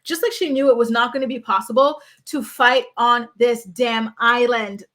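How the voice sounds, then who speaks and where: Woman host, animated and sassy reality TV recapper, somewhat high pitch. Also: moderate pace. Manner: animated, sassy, quotes people in mocking voices.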